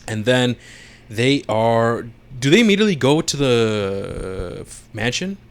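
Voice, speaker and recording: A man co-hosting a podcast, recapping a show in casual chat, animated and laughing often as he acts out the characters' lines. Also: mid-range voice, measured pace. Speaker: podcast co-host.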